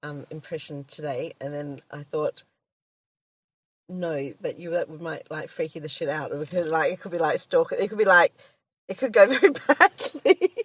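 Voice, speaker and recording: Australian woman comic, low-pitched, dry-miked podcast co-host who rambles and laughs. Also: moderate pace, husky, no echo. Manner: rambling, laughs often, trails off and restarts. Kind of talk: casual chat.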